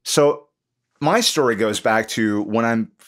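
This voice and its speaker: A man with an average-pitched voice hosts a casual podcast. He cuts in to pin down details before steering the talk to a new topic. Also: slow, fairly bright tone. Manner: jumps in to ask questions and pin down details. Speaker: podcast host. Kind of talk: casual chat.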